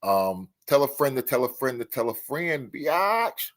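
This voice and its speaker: A man hosting an internet radio show in casual chat, rambling with many restarts and fillers and breaking into loud, emphatic bursts. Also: medium pitch, fairly quick.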